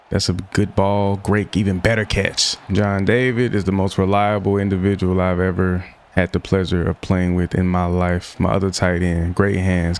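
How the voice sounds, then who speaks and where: A man's voice: deep voice, vocal fry. Frustrated young man commentating gameplay. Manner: frustrated, slangy, self-talk while playing. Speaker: gaming YouTuber.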